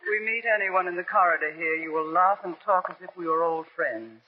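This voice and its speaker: An actress playing a cunning female spy in disguise, crisp and coolly commanding, in 1940s radio acting. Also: on the low side, fairly quick, a little hiss or hum, lightly acted. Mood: cold, menacing. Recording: muffled old radio recording.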